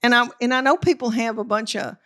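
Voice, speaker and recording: A woman's voice: on the high side, steady tone, fast, fairly bright tone. A middle-aged woman comedian with a thick Southern country accent, chatting folksy and self-deprecating, calling people darling. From Tennessee, US South. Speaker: comedian guest. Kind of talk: casual chat.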